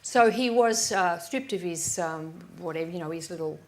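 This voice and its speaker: A woman with a lowish voice, speaking at normal speed, shares lively stories on a live event panel as an author, acting out voices and frequently starting over. A slight hiss or hum can be heard.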